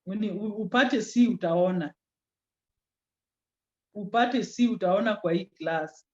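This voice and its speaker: A woman teaching a class online, slowing down to stress key terms and teasing students by name. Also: mid-range voice. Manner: code-switches into Swahili, teasing students by name. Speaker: communication skills lecturer. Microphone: video call. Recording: lo-fi video call audio.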